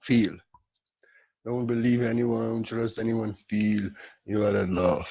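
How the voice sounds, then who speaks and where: A man giving a spiritual talk, speaking softly, slowly and earnestly, with repeated short urgings. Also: fairly low pitch, flat delivery, dry recording, muffled recording. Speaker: spiritual teacher.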